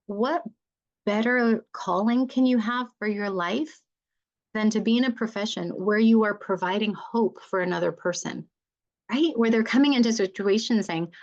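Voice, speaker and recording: A woman's voice: medium pitch, moderate pace, highs cut off. A woman mediator giving an earnest, encouraging conference talk to fellow mediators, often checking in with "right?".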